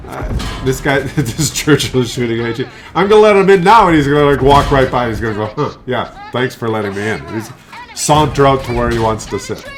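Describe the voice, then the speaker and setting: A man's voice: mid-range voice, background noise. A man giving casual, playful, jokey commentary over his tank game at home. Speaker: gameplay commentator.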